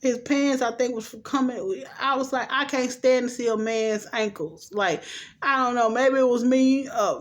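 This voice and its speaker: A middle-aged woman breezily summarizes a TV episode for her recap show, playing out the characters' lines and throwing in slangy, spirited remarks. Her voice is a little high.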